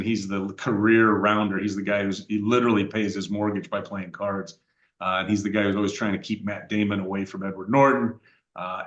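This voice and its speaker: Middle-aged male podcast host, somewhat low voice, relaxed rambling delivery, echoey room. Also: highs cut off. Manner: rambling, conversational, frequent uh fillers and restarts. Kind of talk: casual podcast chat.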